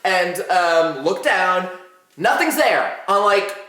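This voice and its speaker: A teenage boy vlogger telling a story to camera in a dramatic, excitable way, swearing casually and often asking "right?". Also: sits high, slow, reverberant.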